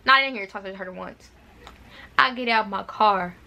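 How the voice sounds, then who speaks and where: Young woman, casual storytime vlog, dramatic asides, fairly high bright voice. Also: moderate pace, gravelly. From Arkansas. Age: young adult. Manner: chatty and dramatic, with repeated words and asides to viewers. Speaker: vlogger.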